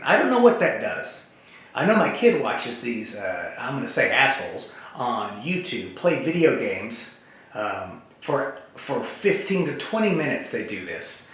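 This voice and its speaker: A middle-aged man hosts a comedy monologue at a medium pitch, rambling and deadpan as he skips between topics. He talks in fits and starts. His voice rings around a very echoey room. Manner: halting, many fillers and restarts. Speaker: host.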